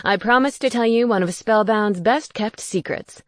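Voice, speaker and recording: A woman's voice: medium pitch, normal speed, no room sound, clean studio sound, natural voice. A woman voicing a bossy, snooping male ghost housemate who teases and gets indignant. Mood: teasing, loud. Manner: teasing, indignant.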